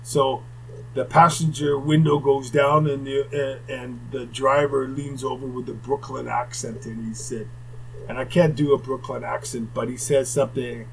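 An older former hockey player telling rambling anecdotes in casual conversation, with asides. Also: male voice, medium pitch, little pitch movement, normal speed, gravelly, fairly bright tone, a little hiss or hum, low-quality recording. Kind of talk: casual storytelling.

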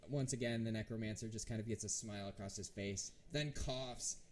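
A man's voice: fairly low pitch, a little fast, a little hiss or hum. Rambling male game master. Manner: hesitant, many restarts and fillers. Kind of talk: narrating a tabletop game.

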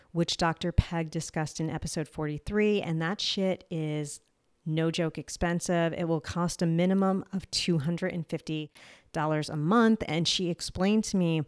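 A woman's voice: lowish voice, darkish tone, smooth, no room sound, studio quality. A young adult woman with a New Jersey accent hosts a solo podcast, talking candidly and casually, swearing lightly and laughing at herself. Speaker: podcast host. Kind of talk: solo health podcast monologue.

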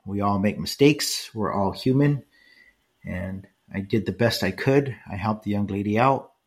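A man's voice: lowish voice, unhurried, breathy edge. An older man hosting a solo podcast, talking casually and rambling, often checking in with "right?" and lots of fillers. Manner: conversational, rambling with frequent "right?" tags and fillers. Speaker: podcast host.

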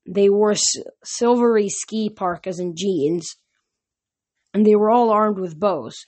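A woman reads a novel aloud for her podcast. Her voice sits at a medium pitch, and she tells the story plainly, with occasional slips and restarts. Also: slow, darkish tone. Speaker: podcast reader.

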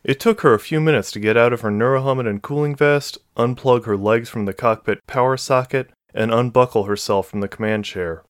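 A man narrating a science-fiction novel in a steady, measured reading. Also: medium pitch, no room sound. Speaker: audiobook narrator. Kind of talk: scripted narration.

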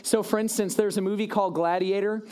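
Quick, casual young preacher man. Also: high-pitched, clean tone. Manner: casual, self-deprecating, lively asides. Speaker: youth pastor. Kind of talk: animated sermon retelling a story.

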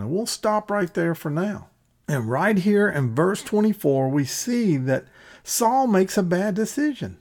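Bible teacher, man, high voice, conversational podcast lesson. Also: sing-song, measured pace, a little mellow. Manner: plain conversational retelling.

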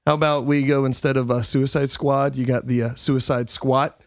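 A man's voice: mid-range voice, flat delivery, moderate pace, dry recording, clean studio sound. A man in his thirties chatting casually and cracking jokes, often laughing as he talks. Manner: joking, laughs while talking. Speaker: co-host. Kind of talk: casual chat.

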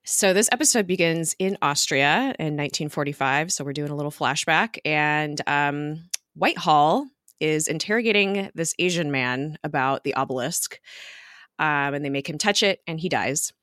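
Low-voiced woman podcast co-host. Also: normal speed, a bit bright, no room sound, clean studio sound. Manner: chatty, laughs often, many ums. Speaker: podcast co-host recapping a TV episode. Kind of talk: casual chat.

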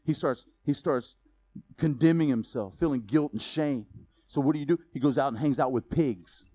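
A man preaching a sermon, telling a story in a lively, casual way with slang. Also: medium pitch, normal speed, no echo. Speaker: pastor.

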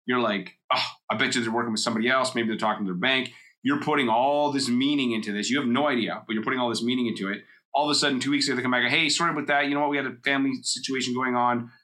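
Fast, bright-voiced male podcast coach. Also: medium pitch. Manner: conversational, uses personal stories and acted-out quotes. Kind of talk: solo podcast monologue.

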